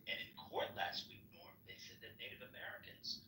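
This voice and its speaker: A man hosting a heated live-stream debate, pressing the same questions again and again. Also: a little fast. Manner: insistent, repeats pointed questions. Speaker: host. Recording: echoey distant audio with noise.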